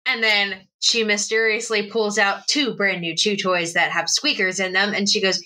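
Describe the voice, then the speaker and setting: A woman playing a tabletop game, telling her character's actions with animated, swooping delivery. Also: mid-range voice, moderate pace, hardly any pauses. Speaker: player. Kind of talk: tabletop role-play.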